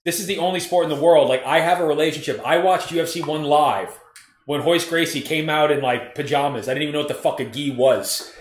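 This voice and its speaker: A man's voice: on the high side, a little fast, slight background noise. A man co-hosting a casual live fight stream from a living room, joking and rambling with some swearing. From Florida. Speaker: co-host. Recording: echoey room.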